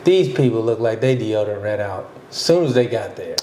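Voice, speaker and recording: Man co-host, mocking profane banter, lively high-ish voice, roomy echo. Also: fairly quick, a little hiss or hum. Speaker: podcast co-host. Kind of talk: casual comedic chat.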